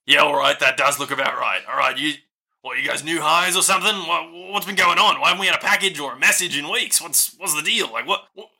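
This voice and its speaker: A man's voice: a little high, fairly even intonation, quick pace, vocal fry, sharp tone, husky, exaggerated voice. A man voicing a wary male doorkeeper who stammers through rambling questions. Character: gruff male doorkeeper twin, wary guard.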